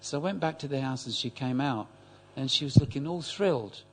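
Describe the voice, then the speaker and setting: An older man telling a story in a group class, halting and repeating words as he speaks. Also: mid-range voice, a little hiss or hum. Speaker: class attendee.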